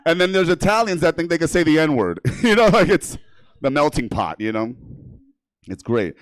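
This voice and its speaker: A man's voice: a little high, sing-song, moderate pace, dry recording. Brash, profane New comedian man. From New York. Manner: brash, profane, laughing at his own jokes. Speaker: stand-up comedian. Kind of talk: stand-up comedy set. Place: comedy theater stage.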